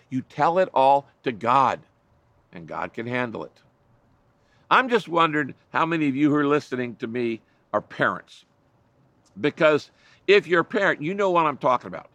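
A man's voice: medium pitch, expressive, normal speed, long pauses, fairly bright tone, dry recording. A male pastor preaching a sermon in an earnest, emphatic way, with frequent repetition and small restarts.

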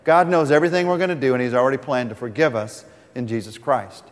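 A man's voice: medium pitch, quick pace, big-room sound. A man preaching a sermon as pastor, earnest, reading scripture aloud.

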